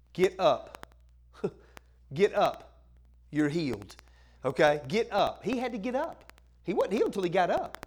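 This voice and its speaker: A man preaching a sermon as pastor. He asks the congregation questions and answers them himself, drops to a hush at times, then builds up loud and fervent. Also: high voice.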